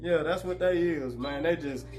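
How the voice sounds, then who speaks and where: A man hosting a casual sports talk show, animated and joking, full of slang. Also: on the high side, normal speed, faint music behind.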